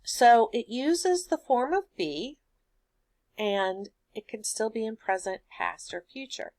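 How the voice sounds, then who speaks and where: A woman's voice: a little high, very animated, takes it slowly, a little mellow, no room sound. A woman teaching a recorded grammar lesson, patiently explaining step by step with everyday examples.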